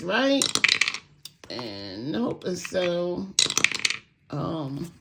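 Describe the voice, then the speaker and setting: A woman's voice: on the low side, gravelly. An older woman vlogging casually about budgeting at home, chatty and encouraging, laughing often. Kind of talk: casual vlog talk. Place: home room by an open window. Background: faint street noise, passing truck.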